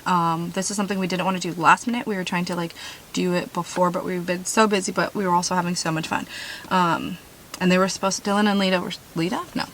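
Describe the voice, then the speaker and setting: A woman's voice: lowish voice, fairly even intonation, fast, a bit bright. A woman vlogging about van life in casual chat, bubbly and gushing, rambling with fillers. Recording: noisy handheld recording.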